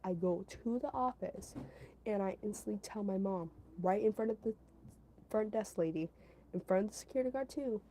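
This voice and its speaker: A young woman telling a casual storytime monologue to her viewers, emphatic and animated, with frequent restarts and acted quotes. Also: medium pitch, moderate pace, a little hiss or hum, low-quality recording. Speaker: content creator.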